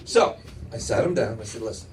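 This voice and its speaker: A man's voice: sits high, normal speed, distant mic, slight background noise, rough recording. A middle-aged man performing a stand-up comedy set in a club, telling stories with lots of restarts and audience laughter behind. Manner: animated storytelling with many restarts.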